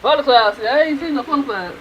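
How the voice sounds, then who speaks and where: A young woman vlogging outdoors in a rainstorm on a handheld camera, excitable and laughing, with bursts of loud exclamations. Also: sits high, brisk, highs cut off, crowd noise. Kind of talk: casual handheld vlog. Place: outdoors in a rainstorm, later in a car. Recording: heavy rain noise behind.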